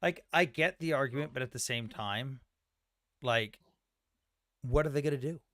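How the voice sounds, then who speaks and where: A man's voice: mid-range voice, moderate pace, fairly bright tone, dry recording, clean studio sound. A man hosting a livestream debate in casual chat, blunt and jokey, swearing freely.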